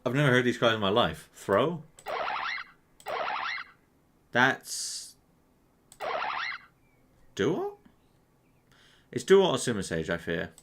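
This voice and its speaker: A young man thinks aloud while doing a quiz at his computer, keeping up a casual, self-mocking commentary laced with swearing. His medium-pitched voice is very animated but slow, with frequent pauses. Background noise is present, and mouse clicks come through clearly behind him.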